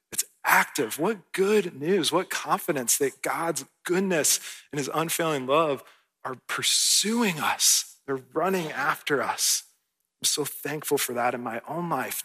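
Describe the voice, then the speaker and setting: Bright, husky-voiced pastor preaching. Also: male voice, medium pitch. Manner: earnest, conversational, often asks "right?". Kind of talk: sermon. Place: church.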